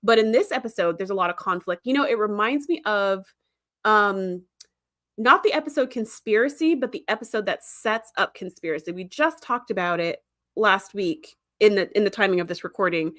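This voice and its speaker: A woman's voice: mid-range voice, lively intonation, a bit bright, no room sound, clean studio sound. A woman hosting a podcast, chatting enthusiastically about a TV series and reading out live chat comments. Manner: chatty and enthusiastic, with frequent fillers and quick asides. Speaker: podcast host.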